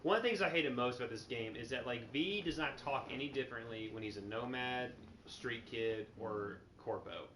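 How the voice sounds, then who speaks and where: A man hosting a casual chat about a video game, blunt and quick to swear. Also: mid-range voice. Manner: blunt, swears freely, mocks flat voices. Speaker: channel host. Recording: echoey room with faint noise.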